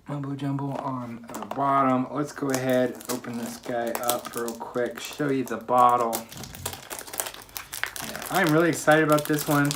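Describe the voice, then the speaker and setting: A man vlogging a casual unboxing from a quiet room at home, chatty and upbeat, with plenty of ums and uhs. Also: mid-range voice, slight background noise. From United States. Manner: chatty, upbeat, many fillers. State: slightly out of breath. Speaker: fragrance reviewer.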